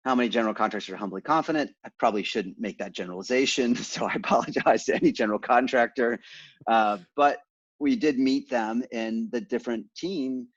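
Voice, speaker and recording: A man being interviewed, telling stories in a relaxed way and acting out the exchanges he quotes. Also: lowish voice, dry recording, muffled recording. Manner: animated, acts out quoted exchanges. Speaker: multifamily investor guest. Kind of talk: conversational interview storytelling.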